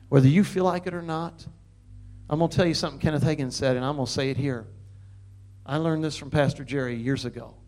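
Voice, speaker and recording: An older man preaching, telling a story in an animated way and breaking into loud laughs and high exclamations. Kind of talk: sermon testimony.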